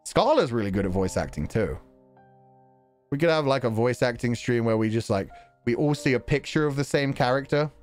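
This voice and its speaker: A man streaming live, reading out viewer donations and chatting in an animated, rambling way, often breaking into laughter. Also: mid-range voice, fairly quick, soft background music.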